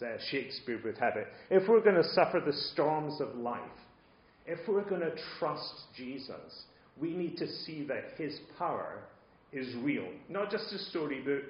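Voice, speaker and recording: A man preaching a sermon, moving between quiet asides and loud, emphatic points. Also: medium pitch, a little hiss or hum. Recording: roomy, slightly dull sound.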